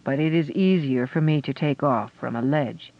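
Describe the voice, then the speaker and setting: A man voicing an impassive, calm female queen dragon who speaks slowly and evenly. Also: medium pitch, lightly acted. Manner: slow, measured, impassive. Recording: dull lo-fi audio.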